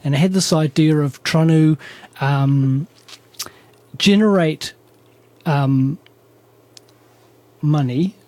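A man's voice: fairly high pitch, takes it slowly, long pauses, darkish tone, no room sound. A man, an animator chatting in an interview, often correcting himself and laughing easily. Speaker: animator guest. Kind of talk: conversational interview.

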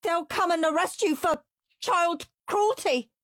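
A woman voicing a loud, bratty young boy who whines and shrieks. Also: very high-pitched, a little slow, a little hiss or hum, voice pushed up. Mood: shrieking. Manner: whining, shrieking.

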